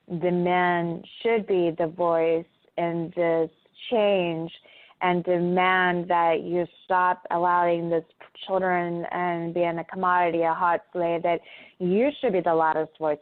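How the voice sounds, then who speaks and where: A woman's voice: lowish voice, level tone, takes it slowly. A middle-aged woman talking as a guest in a casual interview over a phone call, speaking hesitantly with many filler sounds. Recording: tinny phone line.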